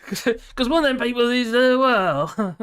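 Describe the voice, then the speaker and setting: A man's voice: very high-pitched, animated, unhurried, fairly bright tone, clean tone. A man hosting a live stream in casual chat, rambling, laughing often and trailing off mid-sentence.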